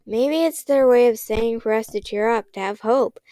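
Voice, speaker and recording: A woman's voice: fairly high pitch, normal speed, dark tone, no room sound, natural voice. A woman reading a nervous, bookish boy. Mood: worried.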